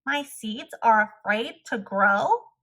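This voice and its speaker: A woman voicing an impatient male toad in a storybook read-aloud, loud and fretful. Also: fairly high pitch, expressive, takes it slowly, heavily acted. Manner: loud, shouting.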